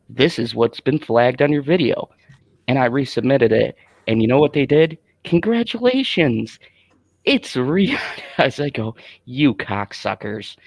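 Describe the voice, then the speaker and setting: A man's voice: on the high side, no echo. A man hosting a casual late-night live stream, ranting and swearing freely. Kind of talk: casual profane livestream chat.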